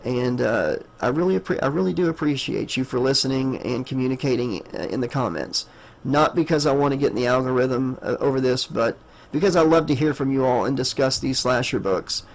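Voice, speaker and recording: A man's voice: mid-range voice, brisk, gravelly, poor audio. A man talking loosely and personally as the author and reader of an audiobook, wandering through his thoughts with many fillers and heartfelt thanks to listeners. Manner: rambling, lots of fillers, warm thanks. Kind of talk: casual afterword talk to listeners.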